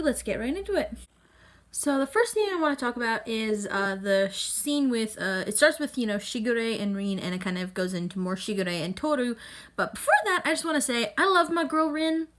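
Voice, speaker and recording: A young woman hosting a casual reaction vlog about an anime episode, talking in an excitable, emphatic, rambling way with lots of fillers. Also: fairly high pitch. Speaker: anime reviewer YouTuber.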